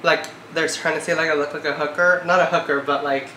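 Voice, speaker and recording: A woman in her twenties talks through a casual vlog, her words full of "like" and a note of exasperation. Her voice has a bright, sharp edge. The recording has a roomy echo. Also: deep voice, fairly even intonation, fast, slight background noise. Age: 20s. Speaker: vlogger. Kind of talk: casual chat. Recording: echoey room.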